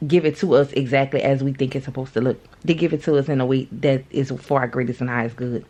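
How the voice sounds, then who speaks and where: A woman's voice: very deep voice, a little mellow. A woman talks to her viewers in a loose, chatty way as she gives a spiritual card reading. She circles back and repeats phrases for emphasis. She speaks to them directly, as if across a kitchen table.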